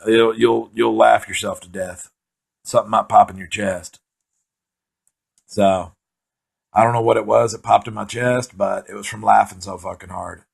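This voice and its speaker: A man doing profane, rambling comic storytelling, excitably acting out his own panic. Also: fairly low pitch, moderate pace, vocal fry, pauses often, breathy edge. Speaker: stand-up comedian.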